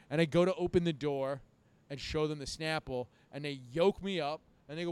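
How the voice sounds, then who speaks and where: A man's voice: a little high, quick pace, clean tone, no echo. A man in his thirties telling a drunken story in casual chat, swearing freely and acting out both sides of the talk. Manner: profane, animated storyteller acting out his own quotes.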